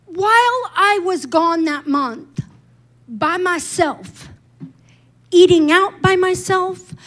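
Middle-aged woman pastor, very high voice, unhurried candid sermon delivery. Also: fairly bright tone, low-quality recording. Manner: candid, personal testimony with emphatic build-ups.

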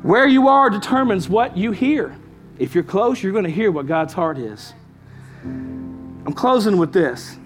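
A man's voice: high-pitched, lively intonation, measured pace. A pastor preaching a sermon, emphatic, repeating his key lines and calling out to the congregation, with faint music behind him. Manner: emphatic preaching with repeated phrases and call-outs.

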